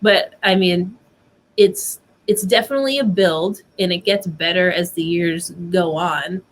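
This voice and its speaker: A woman's voice: fairly low pitch, measured pace. A woman speaking as a guest on a casual podcast, chatty with lots of "like" and "um". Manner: casual, fillers like "like" and "um". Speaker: guest, concert photographer. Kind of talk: casual interview chat.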